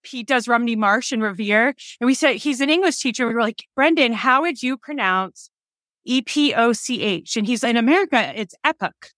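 A woman's voice: on the high side, animated, normal speed, a bit bright, no room sound, clean studio sound. A woman in her forties from telling stories as an interview guest, laughing often and acting out quoted dialogue. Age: 40s. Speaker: guest, cemetery preservation business owner. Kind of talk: casual interview storytelling.

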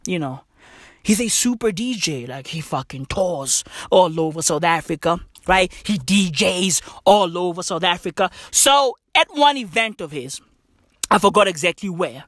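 A man hosting a podcast, telling a story in an animated, profane, slang-heavy monologue. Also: high voice, no echo, studio quality. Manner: swearing, slangy, says "bruv" and "right?" often. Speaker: podcast host.

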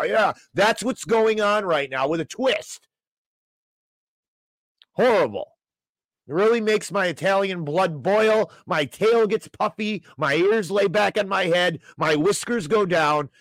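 A man's voice: high-pitched, no room sound. A man hosting an opinionated financial news show, reading headlines aloud and ranting sarcastically about them. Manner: ranting, sarcastic, rises loud when angry.

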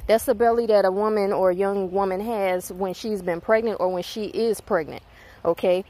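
A woman's voice: medium pitch, steady tone, normal speed, warm tone. A woman with a Southern US accent ranting to her viewers, blunt, emphatic and full of profanity. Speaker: spiritual channel host. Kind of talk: heated rant to viewers.

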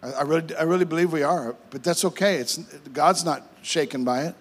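A male pastor, preaching a fervent sermon with repeated phrases and quick restarts. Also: a little high, breathy edge.

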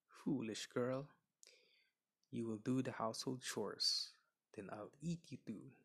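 A wicked old storybook witch, put on by a man growls and scolds in a husky, creaky voice. Her words come slow and sharp, with a bright edge. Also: mid-range voice, full character voice. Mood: menacing. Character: cruel old witch woman who eats children.

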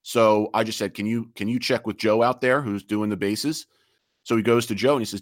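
A man's voice: fairly low pitch, a little fast, no room sound, studio quality. A man talking earnestly as a podcast guest, reflective and repeating words as he restarts his sentences. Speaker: guest, sportsmanship group president. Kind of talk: casual podcast interview.

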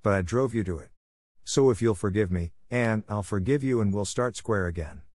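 A man voicing a stern, strict middle-aged farm woman in an audiobook, brisk and scolding. The recording is dry and close. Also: on the low side, darkish tone, no echo, close to an everyday voice. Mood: firm. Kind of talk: audiobook character reading.

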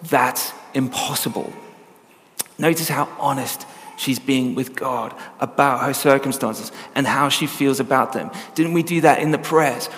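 A man's voice: medium pitch, moderate pace, a bit bright, in a large hall, slight background noise. A man preaching a sermon in an earnest, conversational teaching manner with frequent ums.

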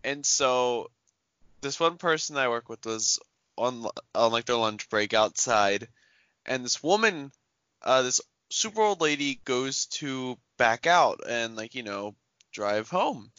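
A man co-hosting a casual podcast, telling a joking, animated story about customers. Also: medium pitch, slow, smooth, dry recording. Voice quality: animated, joking, swears lightly. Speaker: podcast co-host. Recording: dull lo-fi podcast audio.

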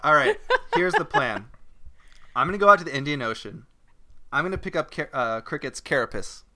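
A man's voice: fairly high pitch, wildly swooping pitch, brisk, bright, forceful tone. A man with an Australian accent hosting a podcast, rambling earnestly in casual comedy chat. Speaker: podcast host.

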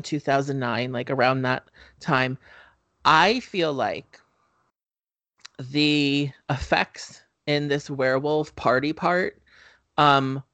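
A man's voice: on the high side, fairly bright tone, no room sound. A man hosting a podcast, casually recapping a horror movie with lots of fillers and offhand swearing. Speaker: podcast host.

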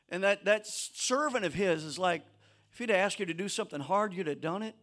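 A pastor preaches briskly to his church congregation, shifting between shouted exhortations and low, conversational asides.

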